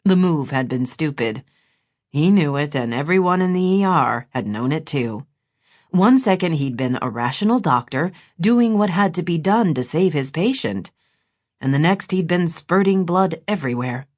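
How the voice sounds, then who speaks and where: A woman narrating an audiobook in expressive, scripted storytelling. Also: deep voice, normal speed.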